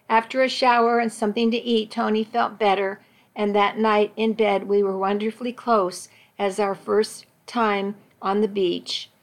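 A woman narrating a first-person story in a steady, reflective reading voice. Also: medium pitch.

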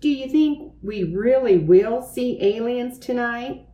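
A woman voicing a goofy young boy who is excitable and easily scared, in a read-aloud storybook. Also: a little high, slow pace, reverberant, pitched above the performer's own voice. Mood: easygoing.

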